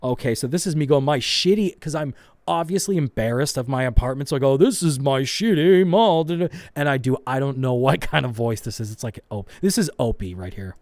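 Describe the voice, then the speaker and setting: A man's voice: medium pitch, fast talker, a little mellow, no echo. Male host, rambling profane reaction commentary, dry and close. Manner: profane, self-mocking, rambling.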